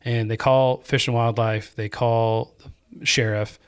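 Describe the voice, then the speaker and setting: A man's voice: medium pitch, little pitch movement, unhurried, clean tone. Chatty man telling a story. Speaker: podcast host. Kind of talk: casual storytelling chat.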